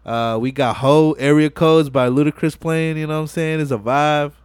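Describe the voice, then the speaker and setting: A man hosting a podcast, excitedly retelling a movie scene by scene in profane, casual slang. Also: fairly high pitch, normal speed, clear, resonant tone, no room sound. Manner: profane, animated retelling full of "you know what I'm saying". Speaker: podcast host. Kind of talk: casual movie-recap chat.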